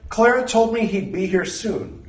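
A man's voice: high voice, moderate pace, voice pushed up, lightly acted. A man reading a story voices a polite, awkward young man who talks hesitantly. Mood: earnest, awkward. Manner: hesitant, apologetic. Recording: roomy, distant mic.

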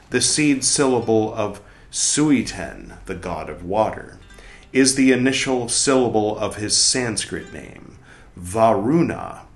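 A man reading a text aloud slowly and deliberately, saying "quote" and "end quote" and pausing now and then to comment. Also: mid-range voice. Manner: pauses to comment on the text with small asides. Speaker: reader of a text on Buddhist mantras. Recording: roomy echo, faint music behind.

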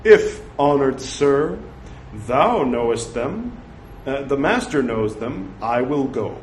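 A proud, well-off courtesan answers guardedly, read aloud by a man. Her lines come slowly in a roomy room with faint ambience. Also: medium pitch, expressive, slight background noise. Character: proud, wealthy, wary courtesan woman.

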